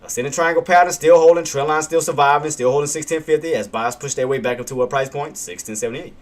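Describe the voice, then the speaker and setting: A man on a live trading stream talks his viewers through each level in a fairly high voice. He circles back to the same points, fires rhetorical questions and answers them, and breaks into a quick chuckle or a "bam" as the market moves. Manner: punctuates calls with "bam" and chuckles. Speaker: day-trading livestream host.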